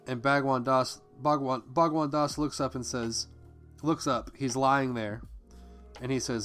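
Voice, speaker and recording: Here the same podcast host keeps reading the memoir in a conversational way, stopping for personal asides and the occasional curse. His pitch is medium and his tone steady and a bit bright, his pace a little slow, over faint background music.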